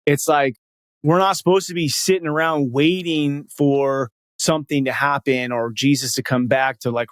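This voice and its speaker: A man hosting a podcast, talking in an energetic, casual, encouraging way full of slang, close to the mic. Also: fairly high pitch, dry recording. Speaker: podcast host. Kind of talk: casual conversation.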